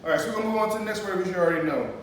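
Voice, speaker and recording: A man's voice: high-pitched, rapid-fire. A man teaching a poetry lesson to a class, explaining patiently and checking in with "okay?" after each point. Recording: echoey classroom, mic far off, faint noise.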